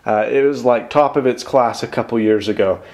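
A young man hosting a casual unboxing vlog, chatty and excited, rambling and correcting himself as he goes. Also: mid-range voice, a little fast. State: out of breath. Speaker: tech YouTuber.

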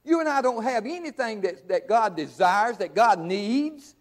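A man's voice: sits high, lively intonation, measured pace. A middle-aged man preaching a sermon in a church, folksy and emphatic, repeating phrases for effect. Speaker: pastor. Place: church sanctuary.

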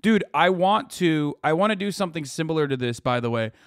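Male stream host, higher-leaning voice, profane and rambling, dry close sound. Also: lively intonation, a little fast, no room sound. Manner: profane, sarcastic, rambling with restarts. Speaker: livestream host. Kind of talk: casual stream reaction commentary.

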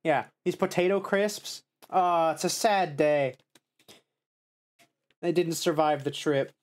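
Man, streamer, casual snack-tasting chat, excitable, high squeals, savoring murmurs. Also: slow. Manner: excitable, swings into high squeals of joy and dismay; savoring, murmurs and mm sounds while eating.

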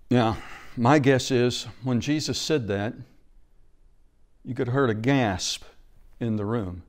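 A man preaches from the pulpit of a church, his voice sitting a little higher than most men's. He tells the story dramatically, swinging between loud, bright lines and low, quiet ones. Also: normal speed. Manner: expressive preaching, acts out quoted voices with big shifts in pitch and loudness. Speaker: pastor. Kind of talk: sermon.

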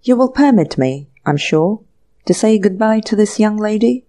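A woman doing a breezy, cheerful young gentleman in a storybook. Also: mid-range voice, expressive, normal speed, natural voice. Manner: light, pleasant, jaunty banter.

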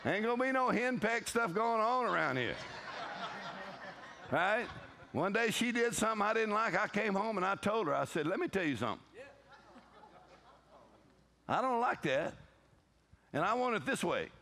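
A man's voice: high-pitched, lively intonation, moderate pace, long pauses, sharp tone. A male pastor, preaching a humorous sermon and telling stories with playful voices and laughter.

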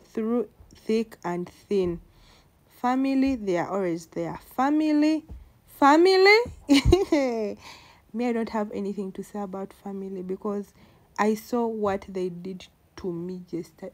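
A woman's voice: mid-range voice, darkish tone. A woman, talking to the camera in a casual vlog, heartfelt and emotional, repeating words for emphasis. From Uganda. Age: 20s. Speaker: vlogger.

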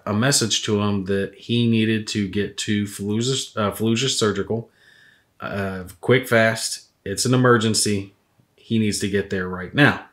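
A man chatting casually while painting miniatures, rambling through stories and swearing freely. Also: fairly low pitch. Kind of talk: casual rambling hobby chat.

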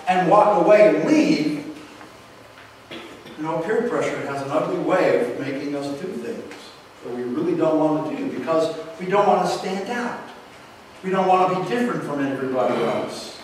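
A man preaching a sermon in a church, unhurried, with dramatic pauses and rhetorical questions. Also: on the high side, animated, a little hiss or hum. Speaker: pastor. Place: church sanctuary. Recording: echoey hall from far off.

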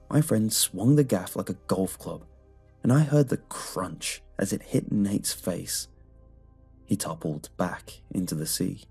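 A man reading a horror story aloud in a measured, scripted narration. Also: sits low, gravelly, husky. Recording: soft music underneath.

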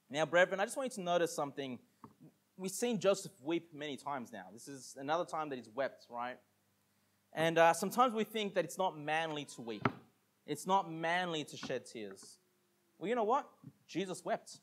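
A pastor preaching a conversational sermon, reading scripture aloud slowly and emphatically between casual asides to the congregation. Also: male voice, on the high side, expressive. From Australia.

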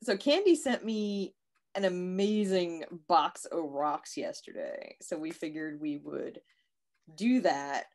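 A woman's voice: lowish voice, takes it slowly, a little mellow. A woman in her forties co-hosting a casual chat, laughing often as she talks. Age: 40s. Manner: giggly, chatty. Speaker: co-host.

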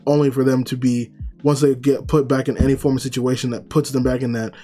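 A man casually recaps an anime episode, rambling and often correcting himself mid-sentence. His voice is mellow and relaxed. Faint music runs underneath. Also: mid-range voice, brisk. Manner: rambling, with many fillers and self-corrections. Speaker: anime reviewer.

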